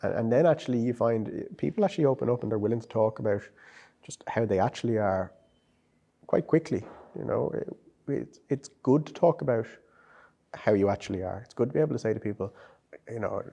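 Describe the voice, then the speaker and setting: An Irish psychologist and psychotherapist talks through ideas in a conversational interview, thoughtful and often repeating words or restarting as he thinks. His lowish, creaky, mellow voice moves fairly quickly.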